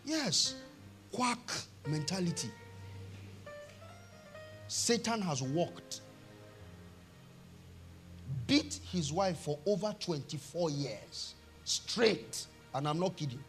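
Nigerian pastor preaching, soft to shouting. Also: male voice, on the high side, animated, slow pace, pauses often, faint music behind. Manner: storytelling preacher, swings from hushed to shouting. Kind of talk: sermon.

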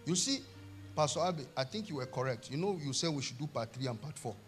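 A middle-aged Nigerian man preaching a sermon, telling a family story and swinging from hushed tones to shouts. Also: a little high, animated, fast, soft background music. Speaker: pastor.

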